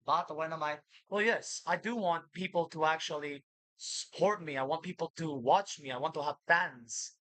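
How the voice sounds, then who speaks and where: A woman's voice: sits low, normal speed, a bit bright, dry recording, poor audio. A woman vlogger in an agitated, accusatory monologue that keeps repeating itself. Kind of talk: ranting monologue to camera.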